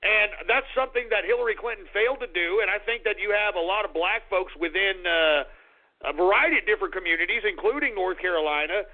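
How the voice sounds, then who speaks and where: A man hosts a call-in radio show with a high-pitched, scolding delivery. He rants and curses between callers. The sound is tinny and narrow, like a phone line. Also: fast. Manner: profane, ranting, sarcastic.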